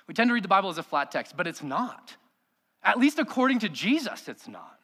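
Bright, high-voiced man preaching. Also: big pitch swings, a little fast, husky. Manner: emphatic preaching with rhetorical questions to the congregation. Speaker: pastor. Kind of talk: sermon.

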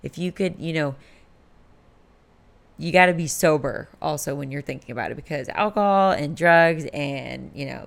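Late-20s woman, solo podcast host, candid and rambling, some vocal fry. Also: sits low. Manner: candid and rambling, frequent swearing.

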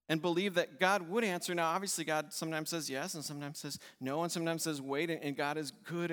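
A man's voice: fairly high pitch, fairly bright tone. A male pastor preaching a sermon with emphatic delivery, repeating key words in lists. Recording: long reverb in a church hall.

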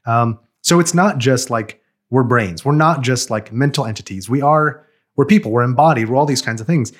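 A man chats in an easygoing, quick way, scattering "like" and "um" through his sentences as he works out his points. His voice sits at a middling pitch. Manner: quick, filler-heavy speech with many "like"s. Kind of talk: casual chat.

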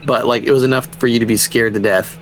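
Man, mid-pitched, casual podcast chat, animated storytelling, swears a lot, laughs often. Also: quick pace, slight background noise, rough recording. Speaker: podcast co-host; father.

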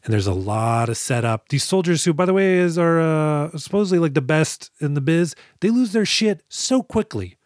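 A man's voice: a little high, lively intonation, normal speed, hardly any pauses, no echo, studio quality. A man co-hosting a podcast, chatting casually and jokily about an action movie. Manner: rambling, jokey, acts out lines from the movie. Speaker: podcast co-host. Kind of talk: casual movie review chat.

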